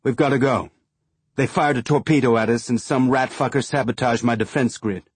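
A man voicing Fred, gruff cursing ex-Marine. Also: medium pitch, fairly even intonation, fairly quick, no room sound, lightly acted. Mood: urgent. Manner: growling, cursing, curt commands. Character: gruff wounded older male ex-Marine leader.

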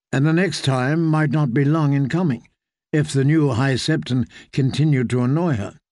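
Gravelly male audiobook narrator. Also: medium pitch, dry recording, clean studio sound. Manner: measured, even storytelling.

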